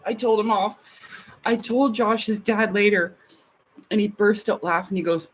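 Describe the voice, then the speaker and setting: Woman, husky breathy voice, blunt and swearing, casual stream chat. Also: mid-range voice, unhurried. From Canada. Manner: blunt and profane, with frequent laughs.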